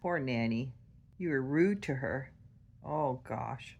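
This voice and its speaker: A woman's voice: very deep voice, lively intonation, slow, gravelly, a little mellow, husky, muffled recording. A woman filming on her phone, laughing and playfully scolding her pet bird. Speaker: parrot owner filming. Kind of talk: casual home video chat. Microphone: phone camera held by the speaker.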